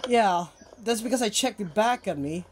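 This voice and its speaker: This young man plays a game and narrates at a moderate pace in a high, lively voice, his casual commentary edged with nerves. Jittery throughout, he often bursts into panicked yelps.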